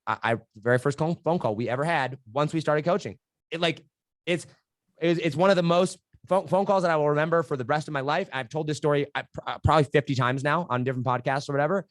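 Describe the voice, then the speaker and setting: Speaking as a guest in a candid podcast interview, a young man with a voice on the high side tells animated, energetic stories full of "like" and "right?". The recording is dry and studio quality.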